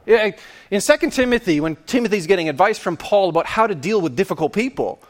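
A man preaching a sermon in an animated, playful way, acting out little scenes and quotes. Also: high voice, quick pace.

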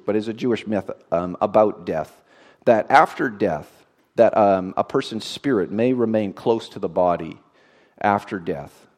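A man preaching a sermon in an expressive way, moving from loud emphasis to a hushed, tender tone. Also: fairly low pitch.

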